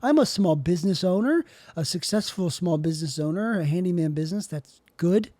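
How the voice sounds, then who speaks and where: Young male podcast host, rambling solo talk, somewhat high but mellow voice, dry sound. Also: animated, a little fast, no echo. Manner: rambling, repeats and rewords himself.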